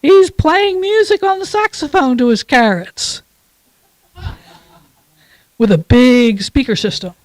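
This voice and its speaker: A woman leading a church service, reading a passage aloud and then telling a children's story in a calm, measured way. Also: on the high side, no room sound, rough recording. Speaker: worship leader.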